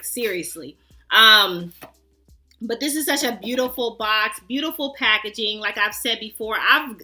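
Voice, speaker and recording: Woman, chatty vlog host, high and bright, faint music behind. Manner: animated, playful, talks to viewers as family. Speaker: fragrance reviewer, channel host. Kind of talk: casual chatty review.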